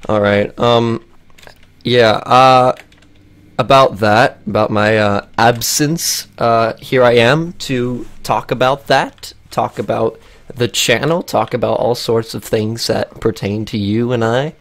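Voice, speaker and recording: A man YouTuber with a raspy, cracking voice, rambling through a casual vlog while he plays a game, with lots of fillers and restarts. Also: mid-range voice, fairly even intonation, a little slow. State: raspy, voice cracking after a long break.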